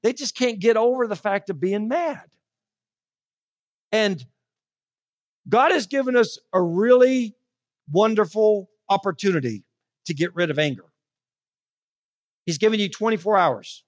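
Lively woman preaching a sermon. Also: medium pitch, muffled recording. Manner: animated storytelling, slows down for emphasis.

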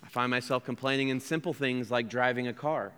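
A mid-range male voice, steady in tone, a little fast, bright, forceful, clear, and resonant, fills a large hall. He is an American pastor preaching a sermon in a church sanctuary. He speaks earnestly and conversationally, asks rhetorical questions, and drops self-deprecating asides.

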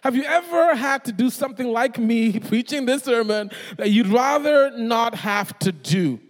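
A man preaching as a guest pastor, animated and joking, calling on the congregation to answer back. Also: very high voice, moderate pace. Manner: animated, calls for audience response, self-deprecating jokes. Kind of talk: energetic sermon. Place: church hall. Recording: long hall reverb.

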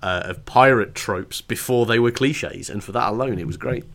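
A man's voice: mid-range voice, moderate pace, a bit bright. A man co-hosting a casual book podcast, chatty and enthusiastic, with a self-deprecating streak. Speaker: podcast co-host.

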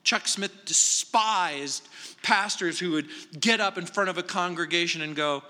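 A man preaches in a high, sharp and forceful voice, talking to his congregation in a conversational way. He drops to quiet asides and then presses hard on key words. His voice rings with a long reverb from the church hall. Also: unhurried. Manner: conversational and emphatic, swinging between quiet asides and raised stresses. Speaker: pastor. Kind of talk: verse-by-verse sermon. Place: church sanctuary.

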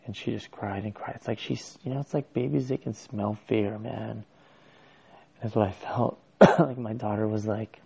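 A man's voice: lowish voice, steady tone, moderate pace, creaky, mellow, husky, muffled recording. A man telling a personal story as a father, in a casual, hesitant and rambling way with many restarts.

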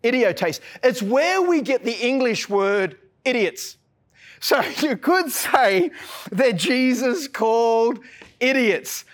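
A man's voice: extremely high pitch, animated, slow. An Australian man preaching a sermon as a pastor, earnest and casual, often repeating words as he starts a phrase. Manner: mixes in casual slang.

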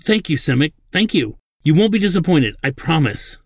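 A man's voice: on the high side, sing-song, moderate pace, no room sound, voice pushed up. A man doing a jittery young street programmer. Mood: grateful.

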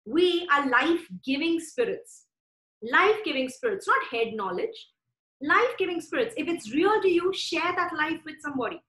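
A woman's voice: sits high, animated, normal speed, few pauses, fairly bright tone, roomy sound, poor audio. A woman preaching a sermon with fervent, conversational delivery and repeated phrases.

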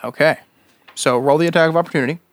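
A man running a tabletop game as game master, relaxed and quick to laugh while he rules on the fly. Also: fairly high pitch, background noise.

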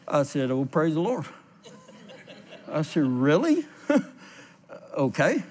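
A man's voice: a little high, takes it slowly, pauses often, breathy edge. A man, a pastor preaching a sermon, telling a personal story with laughter and then reading scripture aloud and explaining it. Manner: storytelling, animated, laughs at his own story.

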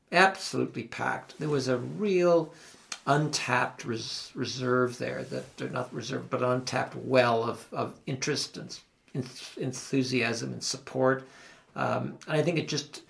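Older man with an Ottawa Valley accent, heavy vocal fry, mid pitch; a reflective local host who tells meandering stories. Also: fairly bright tone. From Ottawa Valley, Canada. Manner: rambling, with restarts and asides. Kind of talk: reflective conversational storytelling.

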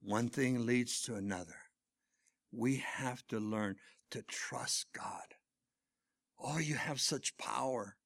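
A middle-aged pastor preaching a sermon, swinging between loud emphatic lines and hushed near-whispers. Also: male voice, medium pitch, takes it slowly, pauses often.

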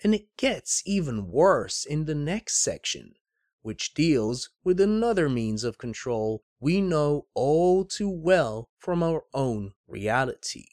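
Slow, measured man narrating a book analysis. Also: on the high side, sing-song, darkish tone, no echo, studio quality. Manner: measured, deliberate delivery with wry asides. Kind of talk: scripted narration with read-aloud quotes.

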